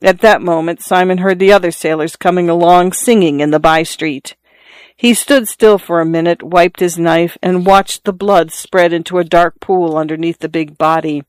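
Measured storybook narrator, dry sound. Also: medium pitch, fairly even intonation, clean tone, dry recording. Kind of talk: audiobook narration.

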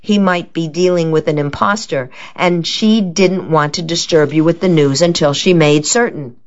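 Nervous smoothing-over guy, woman reading him, hurried, lo-fi muffled sound. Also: low-pitched, natural voice. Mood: placating. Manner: hasty, placating. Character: anxious placating middle-aged man. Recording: dull lo-fi recording.

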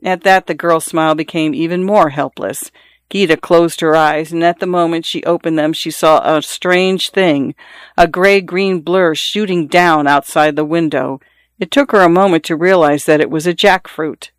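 Measured narrator reading literary fiction. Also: mid-range voice, fairly even intonation, clean tone, no room sound, studio quality. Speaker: audiobook narrator.

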